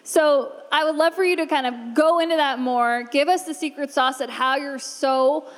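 Woman, high voice, upbeat moderator, gushing, long hall reverb. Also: moderate pace. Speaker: panel moderator. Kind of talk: moderating a live panel. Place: event venue before live audience.

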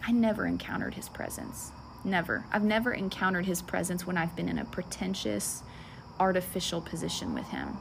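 A woman giving a sermon testimony, earnest and emotional, dropping into soft whispers at times. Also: mid-range voice, gravelly, a little hiss or hum. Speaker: preacher.

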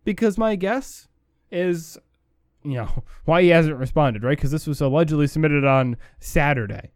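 A man's voice: a little high, lively intonation, moderate pace, dry recording, clean studio sound. A man hosting a sports talk show, giving opinionated commentary and repeating his points for emphasis.

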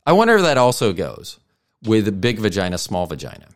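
A man's voice: on the low side, huge pitch swings, brisk. A middle-aged man hosting a podcast, telling a rambling, profane story in a heated, casual way. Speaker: podcast host.

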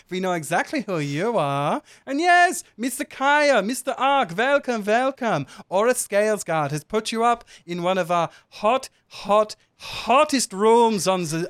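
A man voicing a tiny, friendly male ice gnome who manages a resort, fawning and effusive in a high, strained put-on voice. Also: a bit bright, smooth. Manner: effusive, fawning, repeats welcomes.

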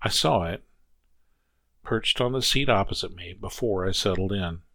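A man narrating a first-person story as an audiobook reader, measured and reflective. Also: sits low, fairly bright tone, no room sound.

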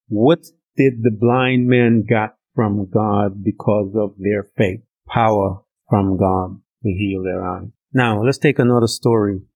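Husky-voiced man preaching conversationally. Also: poor audio. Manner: animated, acts out the characters' lines with big pitch jumps; conversational slang and repetition. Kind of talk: casual sermon storytelling.

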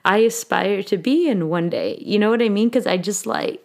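A woman's voice: medium pitch, moderate pace, gravelly. A woman in her late twenties hosting a podcast, telling a personal story in a candid, emotional way and dropping in Spanish words. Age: late 20s. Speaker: podcast host.

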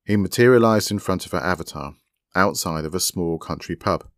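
A man calmly narrating his own short story as its author. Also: sits low, fairly quick, dry recording, clean studio sound.

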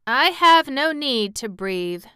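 A woman's voice: high voice, big pitch swings, slow pace, pushed and bright, clean tone, no room sound, clean studio sound, voice pushed up, heavily acted. A woman voicing an earnest, mildly proud male sawhorse made of wood.

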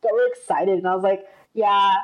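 A woman's voice: medium pitch, animated, fairly quick, a little mellow, rough recording. A young woman from the United States co-hosting a podcast, telling a story in a chatty way and acting out the voices of the people in it. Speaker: podcast co-host. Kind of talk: casual chat. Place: room at home.

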